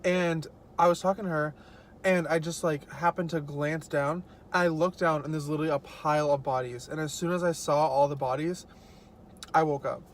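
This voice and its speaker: A man's voice: fairly high pitch, steady tone, normal speed, slight background noise. A young man vlogging casually as he eats, telling stories in a chatty way with lots of fillers. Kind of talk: casual mukbang chat.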